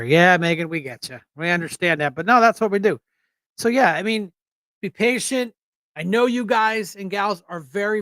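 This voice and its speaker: Host from Erie, Pennsylvania: male, blunt, rambling, slightly high, smooth close-miked voice, very dry sound. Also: fairly bright tone, dry recording. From United States. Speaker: show host. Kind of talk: casual political livestream talk.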